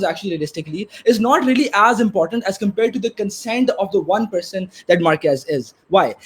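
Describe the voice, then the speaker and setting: Heated high-voiced young debate speaker. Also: male voice, husky. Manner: heated, emphatic, swears when frustrated. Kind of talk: competitive debate speech.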